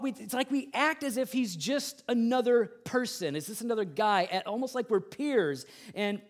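A pastor with a notably high voice delivers a sermon, opening with a lively personal anecdote. He tells the story in an animated way, acting out the people in it, then turns to earnest preaching.

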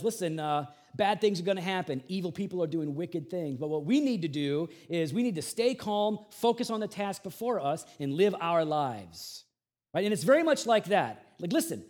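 A male pastor delivers a sermon with a fairly high voice. He preaches in an animated, conversational style and drops in casual slang.

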